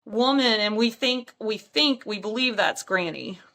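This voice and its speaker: Bright-voiced chatty woman. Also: on the high side, lively intonation, unhurried. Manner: chatty, frequent ums and laughs. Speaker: paranormal investigator, guest. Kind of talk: casual storytelling chat.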